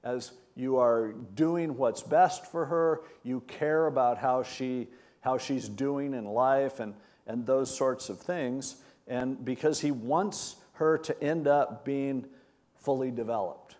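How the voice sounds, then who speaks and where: A man's voice: medium pitch, takes it slowly. Conversational older male pastor teaching. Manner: conversational, animated storytelling. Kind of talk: sermon teaching.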